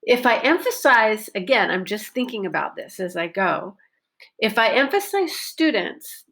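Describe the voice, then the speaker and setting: A woman teaching pronunciation, talking slowly and carefully and repeating example sentences. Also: medium pitch, creaky, fairly bright tone. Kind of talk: unscripted pronunciation lesson.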